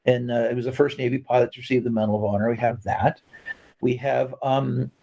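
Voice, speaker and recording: A man's voice: medium pitch, a little fast, vocal fry. Middle-aged american guy, filmmaker, chatty storyteller in an interview, jumps into voices when quoting people. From United States. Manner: animated storyteller who acts out quotes. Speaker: filmmaker guest.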